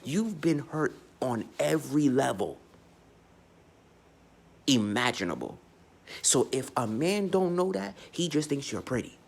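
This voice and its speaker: A man's voice: mid-range voice, big pitch swings, unhurried, creaky, long pauses. A man giving a blunt, profane, unscripted astrology monologue, speaking emphatically and often restarting his sentences. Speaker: astrology vlogger.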